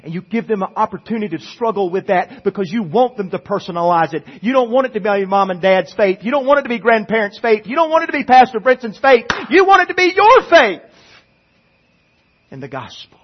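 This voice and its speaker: A pastor preaching a sermon, pleading and swinging from quiet talk to impassioned urging. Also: male voice, very high voice, expressive, fast talker, few pauses, lo-fi sound.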